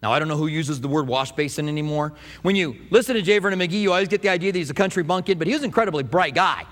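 A man preaching a sermon, telling stories and acting out quotes in an animated way. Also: on the high side, rapid-fire, big-room sound. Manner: animated storytelling with acted-out quotes. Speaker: pastor.

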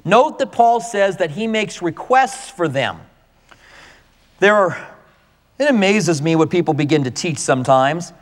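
A male pastor preaching a conversational, animated sermon to his congregation. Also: high voice, unhurried, long reverb tail.

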